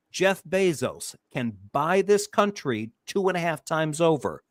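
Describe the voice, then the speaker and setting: A man with a somewhat high voice rants in a heated, profane way and keeps building his anger. His voice is close and dry, with almost no room sound. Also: big pitch swings, measured pace, few pauses, dry recording. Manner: profane, ranting and worked up. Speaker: panel guest. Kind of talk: heated casual chat.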